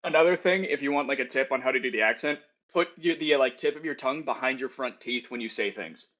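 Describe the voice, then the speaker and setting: A man's voice: mid-range voice, fast talker, a bit bright, muffled recording. A man with a Midwestern accent, a guest on a casual stream, blunt and swearing freely. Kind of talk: casual reaction-stream chat.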